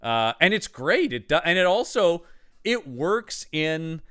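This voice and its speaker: A man's voice: a little high, measured pace, clean tone. A man co-hosting a casual movie podcast, acting out characters' lines as he talks. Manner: animated, acts out characters' lines. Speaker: podcast co-host. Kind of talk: casual movie review chat.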